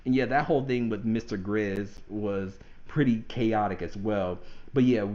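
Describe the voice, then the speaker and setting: A man hosting a gaming podcast in casual chat, animated and often laughing. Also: lowish voice, normal speed, highs cut off. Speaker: podcast host.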